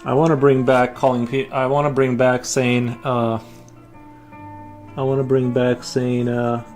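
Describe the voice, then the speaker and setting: A man's voice: mid-range voice, level tone, unhurried, darkish tone, soft background music. A man chatting casually with his viewers while drawing on a livestream, rambling with frequent restarts. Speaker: livestream artist.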